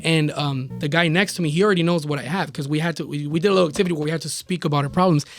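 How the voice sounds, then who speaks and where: A man with a fairly high voice recounts a personal testimony as a podcast guest. He talks loosely, with many fillers, and acts out the voices of people in his story. Music plays clearly behind him. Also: rapid-fire. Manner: lively retelling with quoted voices; loose, filler-laden speech.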